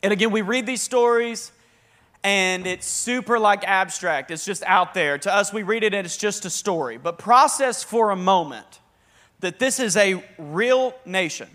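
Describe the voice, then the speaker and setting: A young man preaching a sermon as a pastor, conversational and energetic with bursts of emphasis. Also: high-pitched, measured pace.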